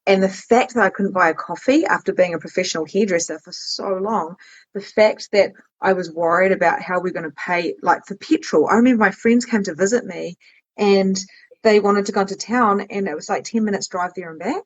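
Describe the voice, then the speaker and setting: Husky woman, dull lo-fi audio. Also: mid-range voice, fairly quick. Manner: emotional storytelling, swearing, lively quoted asides. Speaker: guest, business coach. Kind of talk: candid podcast conversation.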